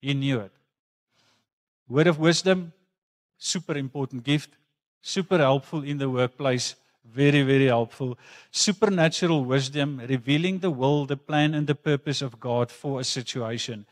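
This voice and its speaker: Man, pastor, church sermon, earnest, conversational, mid-pitched voice. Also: normal speed. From South Africa. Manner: earnest, conversational preaching with personal stories.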